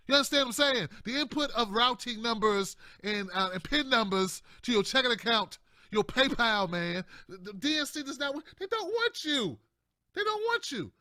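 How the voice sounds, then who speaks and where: A man's voice: high voice, sharp tone, no room sound, studio quality. A man hosting casual political commentary, talking in a slangy, repetitive, chatty way with frequent laughs.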